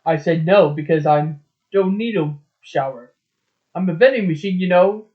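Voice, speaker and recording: Guy doing the inner voice of a grumpy vending machine, kinda high, dull lo-fi sound. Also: normal speed, close to an everyday voice. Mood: stubborn. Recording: dull lo-fi recording.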